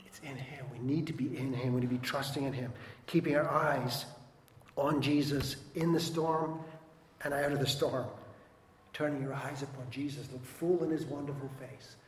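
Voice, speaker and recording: A man preaching a sermon as pastor, animated, acting out quoted voices and swinging between loud and soft. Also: mid-range voice, moderate pace, echoey room, in a large hall, a little hiss or hum.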